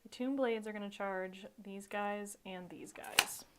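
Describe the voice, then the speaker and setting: A woman's voice: mid-range voice, unhurried, very noisy. A woman playing a tabletop wargame on a live stream, chatting casually, laughing often and talking through her moves. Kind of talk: casual live battle report chat.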